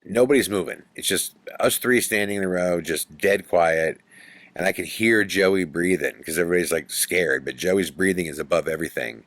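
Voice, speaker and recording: Low-voiced man telling a ghost story. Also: normal speed, no echo. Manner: animated storytelling, building suspense. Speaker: podcast host.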